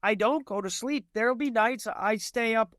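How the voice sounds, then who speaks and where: A man's voice: very high voice, normal speed, a bit bright, no room sound. A young man telling ghost stories in casual chat, rambling with lots of fillers and restarts. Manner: rambling, filler-heavy storytelling.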